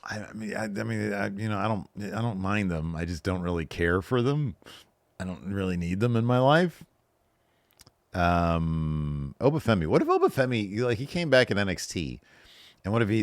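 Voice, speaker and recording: A man's voice: deep voice, lively intonation, moderate pace, no room sound, studio quality. A man in his thirties hosting a podcast, reading viewer questions aloud and answering them in a loose, joking way. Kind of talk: casual solo Q&A chat.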